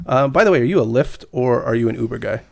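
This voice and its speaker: A man's voice: mid-range voice, expressive, quick pace, creaky, darkish tone. A man co-hosting a podcast, talking hesitantly with many fillers and chuckles, and reading news items aloud. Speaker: podcast co-host.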